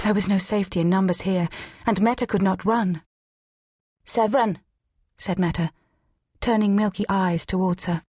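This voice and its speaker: Husky woman narrating an audiobook. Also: medium pitch, darkish tone, no echo, studio quality. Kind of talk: scripted narration.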